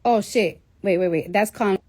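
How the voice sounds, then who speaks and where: A livestreamer in her thirties tells a story casually in a medium-pitched voice at a moderate pace. She swears freely and animatedly acts out the dialogue as she quotes it.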